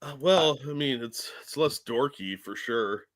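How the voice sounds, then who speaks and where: A man's voice: mid-range voice, lively intonation, a little slow, fairly bright tone. A man co-hosting a podcast in casual chat, mocking and nerdy, often laughing. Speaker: podcast co-host.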